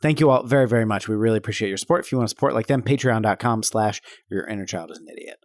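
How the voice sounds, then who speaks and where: A man's voice: fairly low pitch, very fast, no echo, clean studio sound, voice pushed down, natural voice. A man doing a slurring old Scottish movie-star voice. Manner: slurred, lisping delivery. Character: impression of a famous older male Scottish film actor. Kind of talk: comedic podcast impression.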